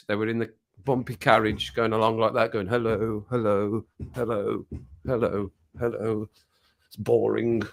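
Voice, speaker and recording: A man talks loosely to his live stream viewers from a sunny room at home. His voice sits at an ordinary middle pitch. He rambles from one thing to the next and laughs at himself often. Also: a bit bright, clean tone. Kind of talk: casual chat on a live stream. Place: home room with sun on the window.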